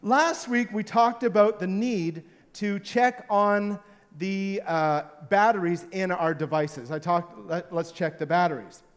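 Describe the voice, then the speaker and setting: A male pastor with a strikingly high voice preaches to a live congregation, his words echoing through a long, reverberant hall. Speaking at a measured pace, he tells stories in a playful, joking way and draws the room into participating.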